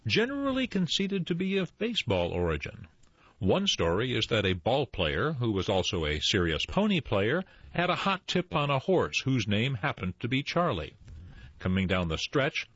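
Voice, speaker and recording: A man telling tall tales and explaining word origins in an expressive, lively storytelling manner. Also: medium pitch, normal speed, slightly rough, no room sound. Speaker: storyteller and co-host. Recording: dull lo-fi recording, dry.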